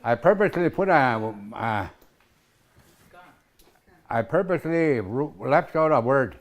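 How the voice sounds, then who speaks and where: A man's voice: mid-range voice, expressive, measured pace. A man teaching a language class in a casual way, repeating words and spelling them out, often asking "eh?".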